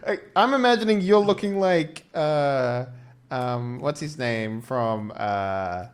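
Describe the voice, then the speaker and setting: A man plays a tabletop game in a dry, blunt, sarcastic way. His voice sits at an ordinary middle pitch. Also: expressive, slow pace, clean tone. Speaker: player.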